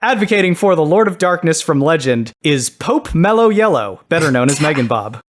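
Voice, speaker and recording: A man's voice: a little high, sing-song, a little fast, a little hiss or hum. A man hosting a comedy podcast, reading a scripted comic story with playful dry asides. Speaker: podcast host.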